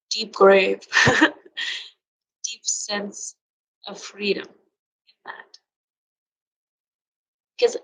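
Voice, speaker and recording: A woman yoga teacher giving an earnest, emotional motivational talk, sometimes dropping into soft near-whispers. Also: a little high, husky, poor audio. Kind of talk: personal motivational monologue.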